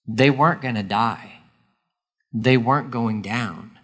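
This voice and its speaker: A man's voice: mid-range voice, slow pace, long pauses, a bit bright. A pastor delivers a sermon in an easygoing, conversational tone. He leans on repetition, saying his key lines twice to drive them home. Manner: casual, emphatic, repeats key lines.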